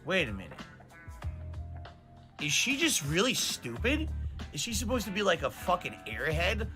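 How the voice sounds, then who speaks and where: Sarcastic, bright-voiced man streamer. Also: high-pitched, huge pitch swings, normal speed, faint music behind. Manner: sarcastic, mocking, profane, reads game lines aloud in put-on voices. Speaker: streamer playing a video game. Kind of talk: casual gameplay commentary.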